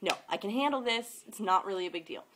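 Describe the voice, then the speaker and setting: Young woman vlogger, casual storyteller, dramatic retellings, average pitch, faint hiss on the recording. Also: expressive, fast talker. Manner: chatty, dramatic retelling with quoted voices.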